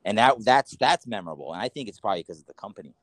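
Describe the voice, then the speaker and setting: A man from the Los Angeles area tells rambling, animated stories as a podcast guest, restarting sentences and laughing along the way. His voice sits low for a man, and the recording is dry and close. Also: racing, no echo. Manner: rambling, animated, self-correcting, laughs mid-story. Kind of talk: casual storytelling.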